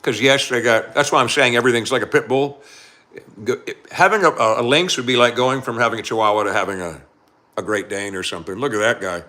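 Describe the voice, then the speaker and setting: Guy rambling on a livestream, laughs all the time, bright punchy voice. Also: medium pitch, fast talker. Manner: laughs often, talks straight to chat. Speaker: livestream host. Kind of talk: casual live-stream chat.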